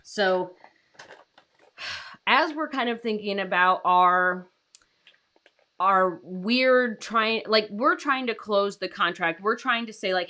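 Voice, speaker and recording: A bright, forceful young woman talks freelance writers through negotiating on a livestream. She is chatty and loose, dropping fillers and tagging her points with rhetorical questions. She slips into quick acted-out bits of client dialogue as she goes. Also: mid-range voice. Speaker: freelance writing coach. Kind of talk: livestream teaching.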